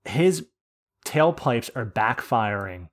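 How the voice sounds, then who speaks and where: A man from the United States telling an animated, profane rant on a casual podcast. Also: medium pitch, slow. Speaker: podcast host. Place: podcast studio.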